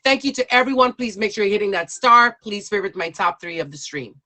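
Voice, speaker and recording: Upbeat woman host hyping up a story stream, bright sharp voice. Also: medium pitch, lively intonation, quick pace. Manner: upbeat, encouraging. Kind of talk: live stream hosting.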